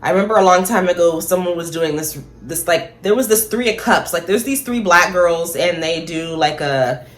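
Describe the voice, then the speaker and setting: Woman, lowish voice, casual monologue, blunt, swears, slows down to stress points. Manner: blunt, chatty, swears freely, laughs at own points; slows down for emphasis. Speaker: spiritual vlogger.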